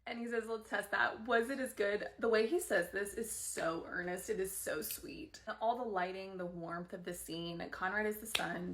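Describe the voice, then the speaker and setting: A woman races through her thoughts on a TV episode. She talks quickly and with excitement, sharing strong opinions. Now and then she drops into a whispered aside. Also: medium pitch. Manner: animated, opinionated, gushing, occasional whispered asides. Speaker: fan commentator. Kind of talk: rapid-fire TV episode commentary.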